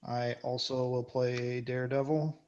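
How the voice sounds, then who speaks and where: A man's voice: medium pitch, little pitch movement, a little slow, darkish tone, dull audio. A man playing a card game, chatting casually and thinking aloud about his moves. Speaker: card game player and co-host. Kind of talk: casual gameplay chat.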